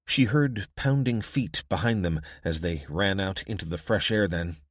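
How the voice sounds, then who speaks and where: Deep-voiced male audiobook narrator. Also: moderate pace, breathy edge, dry recording, studio quality. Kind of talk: scripted narration.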